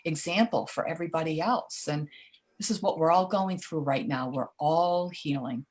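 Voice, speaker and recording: A woman's voice: deep voice, normal speed, a little mellow. A woman guest on a live panel, speaking earnestly and encouragingly about healing. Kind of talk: casual panel talk.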